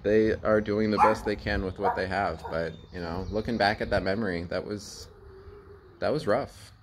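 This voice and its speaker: A man's voice: lowish voice, normal speed, very noisy. A young man candidly retelling a painful childhood memory in a casual vlog, swearing and laughing as he goes. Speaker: vlogger. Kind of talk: casual personal storytelling.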